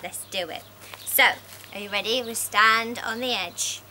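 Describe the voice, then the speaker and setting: A woman's voice: fairly high pitch, measured pace, pushed and bright, a little hiss or hum. A woman leading a laughter yoga session, playful and encouraging, laughing often between her cues. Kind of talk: guided laughter exercise session.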